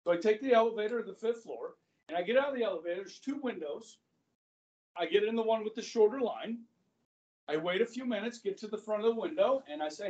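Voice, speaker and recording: High-voiced teacher telling a story in class. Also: male voice, animated, brisk, a little mellow. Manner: chatty, keeps checking in with "okay?". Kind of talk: classroom lecture with anecdotes. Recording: distant, muffled classroom recording.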